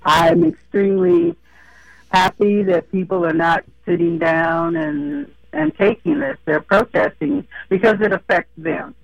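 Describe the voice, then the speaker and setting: A hoarse woman calls in to a radio show and speaks her mind, outspoken and emphatic. Her voice is gravelly with a morning roughness. It comes through a dull, lo-fi phone line. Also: medium pitch, very animated, unhurried. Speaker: caller. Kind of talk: phone-in commentary.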